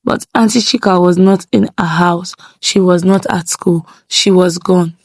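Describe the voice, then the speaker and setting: A woman narrating a folktale in a measured, dramatic way, drawing out key phrases. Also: lowish voice, steady tone, darkish tone, no room sound. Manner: measured, dramatic pacing with slowed phrases for effect. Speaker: storyteller.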